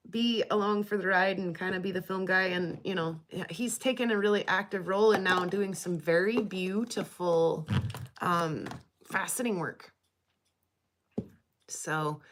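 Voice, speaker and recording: A woman's voice: mid-range voice, fairly bright tone. A woman hosting her rock hobby livestream, chatting casually in a rambling, giggly way with many fillers. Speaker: rock hobby channel host.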